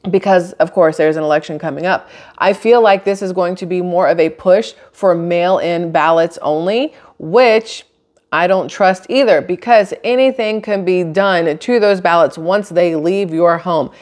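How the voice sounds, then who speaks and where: A woman with a lower-pitched voice talks straight to her camera microphone. She reads news items aloud and then cuts in with blunt, chatty opinions of her own. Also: a little slow, a little mellow. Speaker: channel host. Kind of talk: casual commentary reading news.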